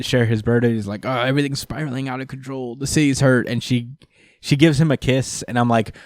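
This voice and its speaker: A man co-hosting a comics podcast at a middling pitch. He recaps the story loosely with lots of fillers and playful quoted voices. The sound is close and dry. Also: a little mellow, no room sound. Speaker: podcast co-host. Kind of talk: casual comics discussion.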